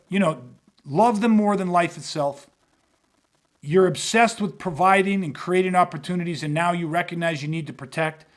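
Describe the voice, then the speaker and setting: Guy with a high voice hosting a podcast, swears a lot, tells stories hard and blunt. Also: fairly bright tone. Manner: blunt, profane, intense. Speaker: podcast host. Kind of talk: casual storytelling talk.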